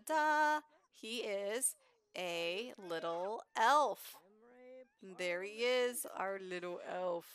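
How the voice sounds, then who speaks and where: A woman's voice: mid-range voice, fairly bright tone, clean tone, no room sound. A woman giving chatty, giggly gameplay commentary as a gaming YouTuber.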